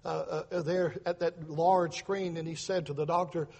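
Middle-aged man, preacher, earnest testimony sermon, high voice, husky tone. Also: steady tone, moderate pace, a little mellow, in a large hall. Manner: earnest storytelling, repeats words, acts out voices in quotes. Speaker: preacher, father telling testimony.

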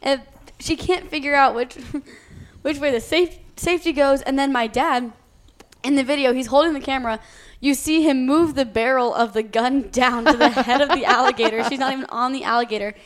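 A woman's voice: sits high, normal speed. A young woman co-hosting a family podcast, telling a story in a teasing, giggly way. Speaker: daughter, podcast co-host. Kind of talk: casual family podcast chat.

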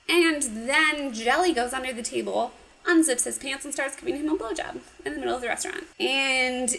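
A woman casually recapping a cartoon episode, animated and giggly, acting out the characters' lines. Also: sits high, moderate pace, creaky, rough recording. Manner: animated retelling with acted quotes, giggly. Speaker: podcast co-host.

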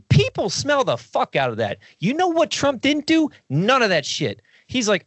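A man holds forth on a podcast in a loose, rambling way, swearing often and breaking into quick impressions. His voice sits somewhat high, and the recording is close and dry with almost no room sound. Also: dry recording. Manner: rambling, profane, animated with impressions. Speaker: podcast guest. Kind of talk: casual podcast discussion.

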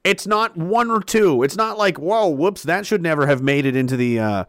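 A man rants in anger, profane and sarcastic, with a high voice that rises and falls a lot. He breaks into sudden shouts. The sound is dry and close. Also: animated, a little fast, no echo. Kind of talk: angry political rant.

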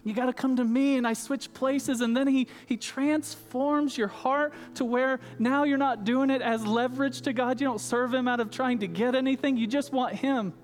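A man's voice: extremely high pitch, steady tone, normal speed, hardly any pauses. A man preaching a sermon, chatting casually with the congregation and telling a story. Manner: conversational, with casual fillers and asides to the audience. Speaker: pastor. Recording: roomy hall reverb with faint music.

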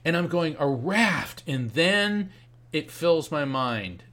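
A man as a guest author and medium in an interview, telling a story in a lively way and acting out the voices he quotes. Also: on the high side, takes it slowly.

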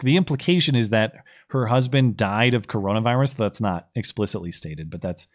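A man's voice: mid-range voice, animated, fairly quick, few pauses. A man co-hosting a podcast, giving sarcastic, argumentative political commentary. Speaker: podcast co-host.

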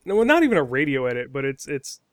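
A man talking through movie tie-ins on a podcast, his voice smooth and resonant. The sound is close and dry, and he restarts his thoughts, then turns animated on side points. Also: medium pitch, fast, dry recording. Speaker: podcast co-host. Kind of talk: casual chat.

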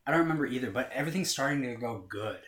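A man's voice: medium pitch, lively intonation, racing, fairly bright tone, echoey room. A man casually chatting about movies, retelling scenes in a rambling way with lots of fillers and swearing.

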